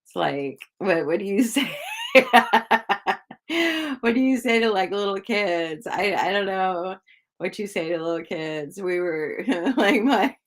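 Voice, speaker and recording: A woman's voice: mid-range voice, lively intonation, slow. A woman chatting casually with viewers on a livestream, rambling with lots of fillers and little giggles. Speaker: psychic livestreamer.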